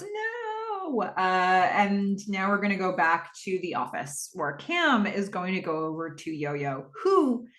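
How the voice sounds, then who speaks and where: A woman's voice: mid-range voice, roomy sound. A woman hosting a podcast, recapping a TV episode in a chatty, rambling way with lots of fillers. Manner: chatty, rambling, with frequent fillers and quick acted-out quotes. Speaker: podcast host.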